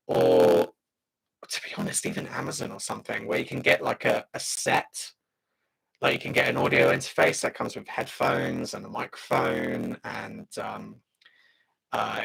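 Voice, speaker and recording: A man's voice: fairly low pitch, vocal fry, a bit bright, husky. A British man hosting a casual livestream, chatting as he reads out viewer comments, with frequent fillers and laughs. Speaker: channel host.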